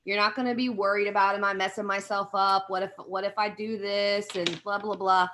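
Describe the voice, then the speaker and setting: Female group coach on a video call, encouraging, conversational delivery, average pitch. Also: level tone, fairly quick, sharp tone.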